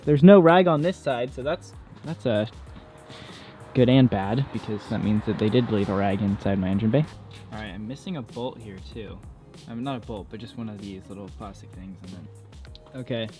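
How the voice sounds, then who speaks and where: A man's voice: mid-range voice, mellow. A young man vlogging casually outdoors around his car, talking frankly and swearing in exasperation. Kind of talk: casual vlog.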